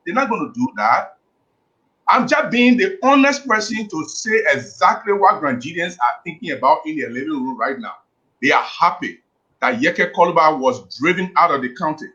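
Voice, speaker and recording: A man's voice: a little high, lively intonation, moderate pace, sharp tone. A man, a guest on a radio talk show, arguing in a heated, emphatic way and repeating himself. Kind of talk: call-in radio debate. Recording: dull lo-fi radio audio.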